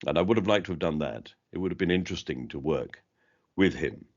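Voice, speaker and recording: A man's voice: low-pitched, expressive, brisk, a little mellow. An older man from London with a trained posh English accent, chatting reflectively as an interview guest and often restarting his sentences. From London, England. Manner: reflective, rambling with many restarts. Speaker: interview guest, comedy actor. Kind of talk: casual chat. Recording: dull lo-fi sound.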